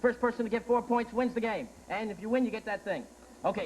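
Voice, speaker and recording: A man hosting a comedic game show, teasing contestants with quick jokes. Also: high voice. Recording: noisy archive TV studio tape.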